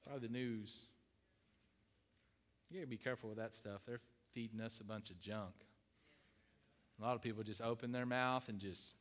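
A man's voice: mid-range voice, normal speed, long pauses, long reverb tail. A middle-aged man preaching a sermon, emphatic, repeating key phrases and asking his congregation questions. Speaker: pastor.

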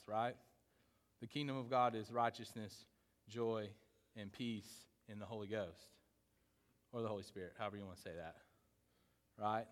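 A man's voice: fairly high pitch, a bit bright, in a large hall. A man preaching a sermon in a casual, conversational way, often checking in with the congregation. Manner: conversational teaching, often asks "right?". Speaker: pastor.

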